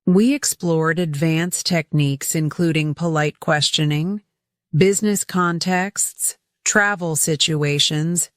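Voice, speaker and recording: Woman doing a slow scripted english lesson, lowish voice, drills words over and over. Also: steady tone, no room sound, clean studio sound. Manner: deliberate, repeats words for pronunciation drills. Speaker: English teacher.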